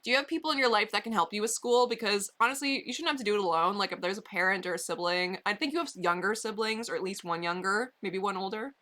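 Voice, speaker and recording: Chatty bright-voiced woman streamer. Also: medium pitch, fast, few pauses. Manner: chatty, rambling, many "um"s and "like"s. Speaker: livestreamer. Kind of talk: casual chat with viewers. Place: basement bedroom.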